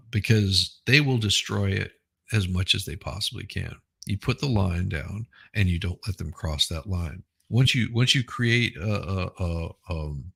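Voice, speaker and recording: A man's voice: sits low, creaky, a bit bright, husky. A man hosting a casual, opinionated news commentary show, talking bluntly and often repeating himself. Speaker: host of a news commentary channel.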